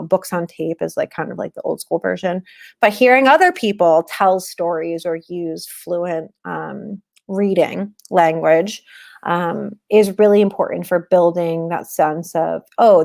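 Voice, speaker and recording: Chatty woman teaching in a lower voice. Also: vocal fry, darkish tone. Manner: frequent "um" and "you know" fillers, conversational. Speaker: webinar presenter on teaching reading. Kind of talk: casual instructional talk.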